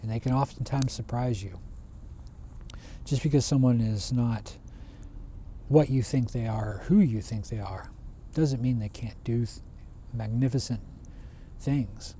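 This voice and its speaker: A man retelling a traditional folk tale in a relaxed, conversational way, often restarting his phrases. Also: medium pitch, a little slow, slight background noise. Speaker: storyteller. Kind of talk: casual oral storytelling.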